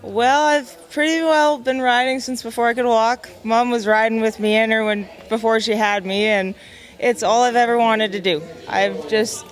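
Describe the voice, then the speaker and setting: Young female horse trainer, emotional, modest, halting answers, slightly high voice. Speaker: barrel racer and horse trainer. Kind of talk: casual interview answers.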